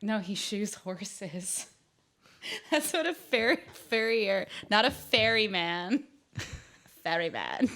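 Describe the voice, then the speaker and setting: A woman's voice: medium pitch, big pitch swings, slow pace, pauses often, fairly bright tone. A woman guest in a casual chat who tells stories animatedly and acts out the quotes.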